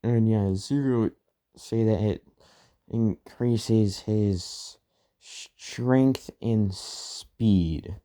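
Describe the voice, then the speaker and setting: Slow, dark-voiced man rambling through a story. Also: fairly low pitch. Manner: rambling, full of "and, yeah" fillers and restarts. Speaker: fan fiction storyteller. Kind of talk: casual story retelling.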